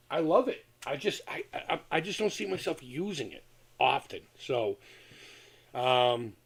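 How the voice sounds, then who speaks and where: Man, casual live-stream host, rambling, swears freely, chats with viewers, mid-pitched voice. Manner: rambling, profane, reads chat aloud while crafting. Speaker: retro gaming channel host.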